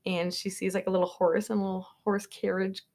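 A woman's voice: medium pitch, level tone, a little fast, a crowd in the background. A young woman co-hosts a podcast and walks through a film's plot in loose, chatty storytelling. She leans heavily on filler words and keeps the recap rambling along. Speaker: podcast co-host. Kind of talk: casual movie recap chat.

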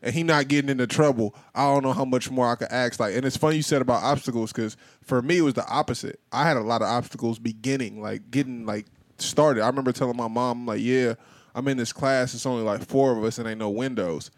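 A young man co-hosting a podcast, telling stories in a relaxed, reflective way. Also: mid-range voice, fast, dry recording. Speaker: podcast co-host. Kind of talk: casual chat.

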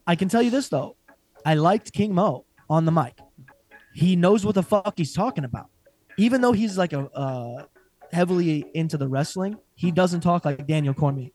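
A man's voice: fairly high pitch, normal speed, soft background music. A young man co-hosting a casual fight-talk podcast, swearing freely and laughing often as he chats. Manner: profane, animated, laughs often. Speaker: podcast co-host. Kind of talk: casual chat.

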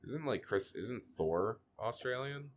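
A young man co-hosting a podcast, rambling in halting, casual phrasing. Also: medium pitch, lively intonation, a little hiss or hum. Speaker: podcast co-host. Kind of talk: casual chat.

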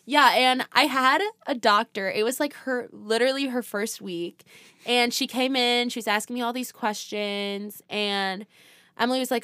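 A woman co-hosting a podcast, telling a story in animated casual chat with lots of laughs and fillers. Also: a little high, moderate pace, no echo, studio quality. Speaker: podcast co-host.

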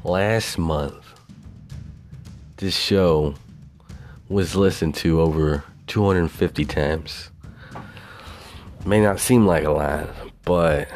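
Rambling low-voiced Southern man. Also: a little mellow. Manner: rambling, swears often, laughs at himself. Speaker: podcast host. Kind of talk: casual solo podcast monologue.

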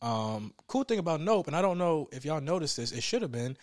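A man co-hosting a casual chat, telling stories with loud laughing outbursts and mimicked voices. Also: fairly high pitch, sing-song, a little fast, no room sound, studio quality. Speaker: podcast co-host.

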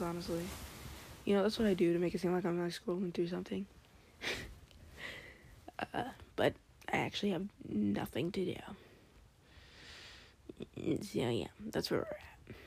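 A woman's voice: fairly low pitch, normal speed, gravelly, pauses often, darkish tone, husky. Whispery, rambling late-night teen girl. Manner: scattered, drifts into whispered asides; breathless exclamations and giggles. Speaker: vlogger.

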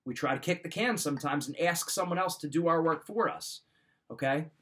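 A man's voice: on the high side, a little fast, a bit bright. Emphatic man giving motivational advice. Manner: emphatic, repeats points, direct advice. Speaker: podcast host. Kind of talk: motivational talk.

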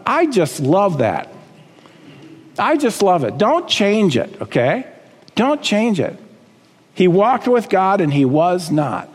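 Male preacher, high-pitched and emphatic, voice swinging up and down, reverberant sanctuary sound. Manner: emphatic, rises high on key words then drops low. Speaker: pastor. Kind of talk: sermon.

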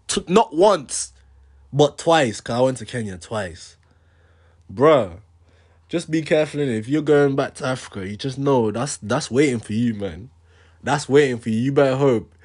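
A young man, casually telling an animated, slang-filled story with laughter. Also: mid-range voice.

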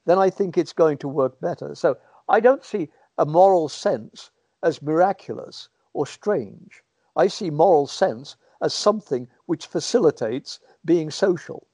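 A man answers interview questions over a remote call microphone, rambling thoughtfully and often acting out what people might say. His voice is on the high side, husky and darkish, expressive and unhurried, with no room sound.

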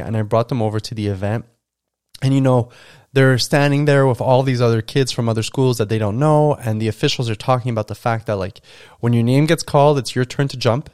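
Telling a tale from his coaching days, this podcast host and school coach keeps things casual and conversational, leaning on lots of fillers. His mid-range voice is darkish, clear, and resonant, recorded dry at studio quality.

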